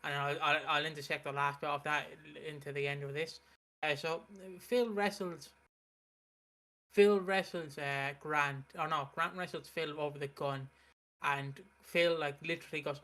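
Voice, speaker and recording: A man's voice: on the high side, steady tone, moderate pace, sharp tone. A young man hosting a casual chat, recapping soap opera plot with lots of fillers and restarts. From United Kingdom. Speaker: soap opera reaction host.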